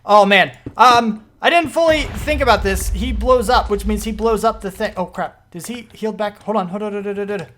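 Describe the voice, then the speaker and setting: A man commenting on his own gameplay as he plays, rambling through explanations and breaking into panicky, excitable outbursts. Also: sits high, fairly quick, hardly any pauses, slight background noise. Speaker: gaming video host.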